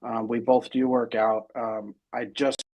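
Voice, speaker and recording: A man's voice: mid-range voice, little pitch movement, measured pace, muffled recording. A middle-aged man as interview guest, talking casually and rambling with many fillers and restarts.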